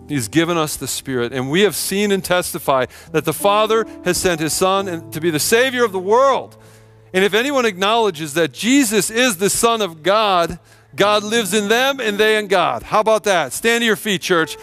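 A middle-aged pastor gives an earnest, emphatic sermon in his church sanctuary, using repetition for effect. With music in the background, his high voice is animated and his pace moderate.

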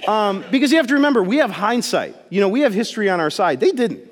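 High, animated man preaching in a hall. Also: fast. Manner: animated storytelling, acts out voices, jokes with congregation. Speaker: pastor. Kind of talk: casual sermon. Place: church sanctuary.

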